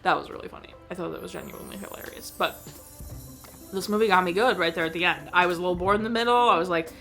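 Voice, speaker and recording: A young woman hosting a film review channel, chatting casually and excitedly, with lots of fillers. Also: fairly low pitch, fast talker, vocal fry, faint music behind. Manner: animated, gushing, filler-heavy with frequent "like". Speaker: host reviewing films. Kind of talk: casual chat.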